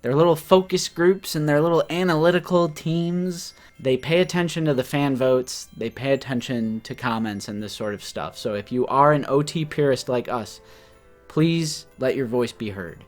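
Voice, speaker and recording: A man in his late twenties co-hosting a casual collector podcast, talking in an animated, joking way. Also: mid-range voice, normal speed, soft background music. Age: 20s. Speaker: podcast co-host. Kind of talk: casual chat.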